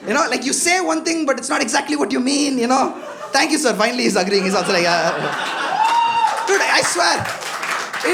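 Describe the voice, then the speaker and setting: Male stand-up comic, loose and profane, live club set with a roaring crowd. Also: extremely high pitch. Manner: loose, profane, chatty, constant "you know" asides to the crowd. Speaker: stand-up comedian. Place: comedy club stage with a live audience. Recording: live club with audience laughter.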